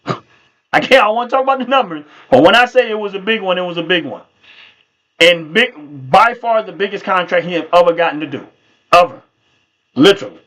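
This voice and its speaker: A man's voice: high-pitched, fairly bright tone. A man hosting a livestream, telling a personal faith testimony in an earnest, emphatic way and repeating himself for stress. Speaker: livestream host.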